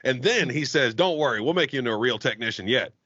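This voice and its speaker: A man rants through a shop story in casual podcast chat, swearing freely. His voice is bright and forceful. The audio is dull and dry, with no room sound. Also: medium pitch, fast talker, dry recording. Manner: heavily profane, animated ranting. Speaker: podcast guest, auto technician.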